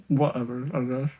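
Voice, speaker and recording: A man's voice: medium pitch, darkish tone, a little hiss or hum. A man vlogging casually while he eats, rambling with lots of fillers and talking with food in his mouth. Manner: rambling, with many fillers and restarts. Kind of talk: casual chat while eating.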